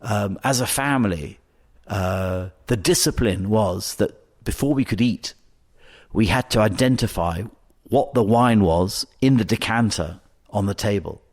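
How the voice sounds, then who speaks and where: Hesitant low-voiced man in his fifties. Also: unhurried, a little mellow. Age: 50s. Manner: hesitant, many fillers and restarts. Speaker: distillery CEO, podcast guest. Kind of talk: casual storytelling interview.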